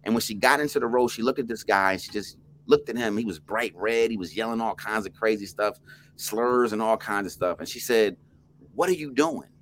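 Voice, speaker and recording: A middle-aged man from New Jersey, a podcast guest telling a story in an animated, emphatic way with restarts. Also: lowish voice, a little fast, slight background noise.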